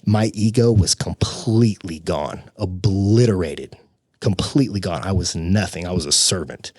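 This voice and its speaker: Husky-voiced man telling a story. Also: low voice, moderate pace, no echo, studio quality. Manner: earnest, animated storyteller who says "dude". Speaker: podcast guest. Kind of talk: casual storytelling.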